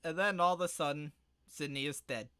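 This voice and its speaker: A man co-hosting a podcast in casual chat, joking crudely and often breaking into loud mock-shouted impressions. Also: on the high side, brisk, clean tone. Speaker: podcast co-host.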